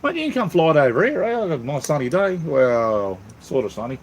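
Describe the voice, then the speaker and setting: A man's voice: a little high, huge pitch swings, a little fast. Rambling Australian man chatting with viewers. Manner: rambling, friendly, calls viewers mate and brother. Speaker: channel host reading live chat. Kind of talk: casual live-stream chat.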